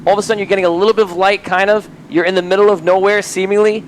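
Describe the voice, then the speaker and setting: High-voiced man running a tabletop game. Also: little pitch movement, very fast, a little hiss or hum, rough recording. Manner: laughs often while narrating. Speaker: game master.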